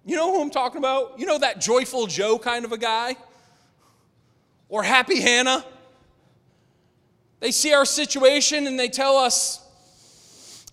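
A man preaching a sermon to a room, rising to loud emphatic lines and dropping to low, quiet asides. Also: moderate pace, pauses often. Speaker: pastor. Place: large room with a congregation. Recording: echoey hall with long reverb.

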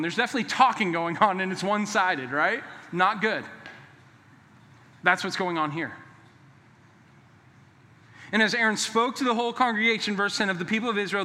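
High, bright-voiced preacher in a reverberant hall. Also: male voice. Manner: emphatic and repetitive, with joking asides. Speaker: pastor. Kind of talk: sermon. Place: church sanctuary. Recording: long reverb of a large hall.

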